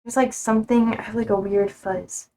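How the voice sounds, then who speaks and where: A young woman talks to her stream viewers from home in a slightly higher-than-average voice. She rambles from one thought to the next and drops casual swears. She laughs easily throughout. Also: fairly even intonation, normal speed, mellow, a little hiss or hum. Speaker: live streamer. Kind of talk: casual chat to a live stream.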